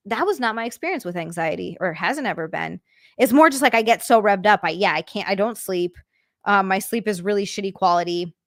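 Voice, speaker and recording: A young woman chats casually on a live stream, reading out viewer messages and answering them with frustrated sympathy and plenty of swearing. Her voice sits at a middle pitch. The sound is close and dry, with no room echo. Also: a bit bright. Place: home room, on a couch.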